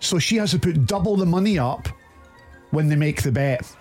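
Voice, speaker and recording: A man's voice: fairly high pitch, expressive, a little mellow, faint music behind. A Scottish man co-hosting a football podcast, telling long stories in a chatty, rambling way. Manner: chatty storyteller, drawn-out retelling. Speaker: podcast co-host. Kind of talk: casual chat.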